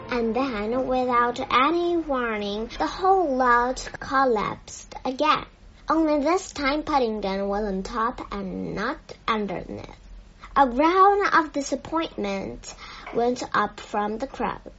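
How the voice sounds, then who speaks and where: Slow, high-voiced woman reading a children's story. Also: animated. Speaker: narrator. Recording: dull lo-fi, faint music behind.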